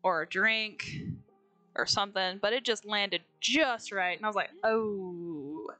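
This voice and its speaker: A woman's voice: medium pitch, measured pace, pushed and bright, no room sound, poor audio. A young woman chatting casually on a stream, telling stories with lots of laughter and acted-out quotes. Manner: giggly storyteller, acts out quotes. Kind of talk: casual chat.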